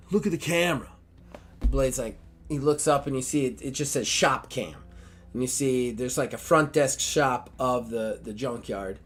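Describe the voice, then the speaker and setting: A man game master narrating a tabletop game in a rambling, filler-heavy way. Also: mid-range voice.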